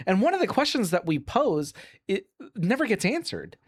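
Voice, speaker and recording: A podcast co-host in casual chat, thinking aloud with a lively delivery. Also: mid-range voice, normal speed, husky.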